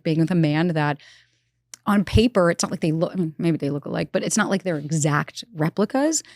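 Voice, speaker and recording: Fast-talking candid New woman. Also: deep voice, no echo, clean studio sound. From New York. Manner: fast, candid storytelling with quick asides. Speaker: relationship expert guest. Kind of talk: casual interview conversation. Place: studio in Los Angeles.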